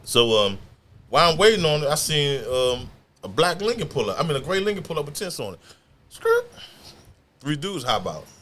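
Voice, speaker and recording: Podcast guest, man, Washington DC accent, lively storyteller who does the voices. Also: on the high side, moderate pace. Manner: animated storyteller, acts out quoted voices, laughs often. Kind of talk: casual storytelling.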